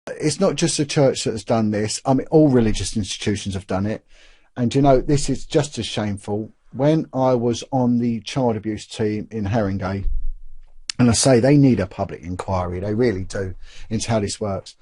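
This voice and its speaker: A middle-aged man with a low, husky, mellow voice tells his story in an animated way, acting out the dialogue and repeating his words as he goes. The sound is dry and close, with no room in it. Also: normal speed, no room sound. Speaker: interview guest, former police officer. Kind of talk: candid conversational storytelling.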